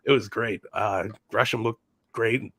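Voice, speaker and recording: A man's voice: on the low side, measured pace, pushed and bright, no room sound, studio quality. A man co-hosting a casual wrestling chat podcast, laughing often and swearing casually as he talks. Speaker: podcast co-host.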